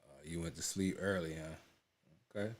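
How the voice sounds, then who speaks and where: A man's voice: low-pitched, fairly even intonation, moderate pace. A man hosting a reaction video, chatting loosely to viewers with many restarts and repeated words. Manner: talks to viewers as "y'all". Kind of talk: casual running commentary.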